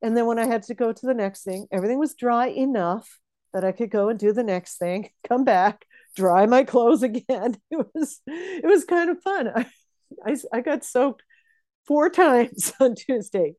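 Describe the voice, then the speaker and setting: A woman's voice: a little high, normal speed, mellow, no room sound, clean studio sound. A woman co-hosting a casual chat over a video call, enthusiastic and laughing often, sleepy and yawning. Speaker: podcast co-host.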